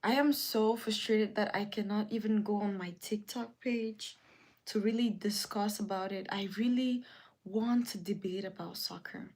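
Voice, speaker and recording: A young woman with a mid-range voice hosts a casual livestream, reading comments aloud. She rants indignantly and repeats herself. Her pitch jumps up sharply when she gets worked up. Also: vocal fry, darkish tone. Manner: indignant, repetitive ranting with sudden rises in pitch. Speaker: livestream host.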